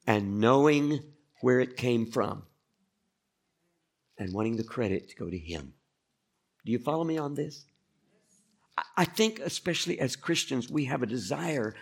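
A man's voice: mid-range voice, vocal fry, husky. A male pastor preaching a conversational sermon, often turning to ask the listeners questions. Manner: conversational, asks the congregation questions.

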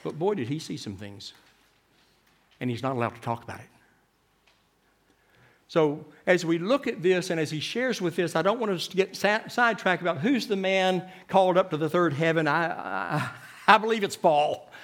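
A man preaching a sermon, swinging from loud, emphatic lines to hushed ones and often repeating his words. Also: a little high, lively intonation, normal speed.

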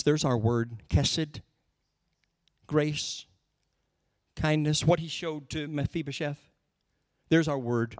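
A man's voice: fairly high pitch, no echo, clean studio sound. Earnest man preaching a sermon. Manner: earnest, conversational teaching with slow emphasis. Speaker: pastor.

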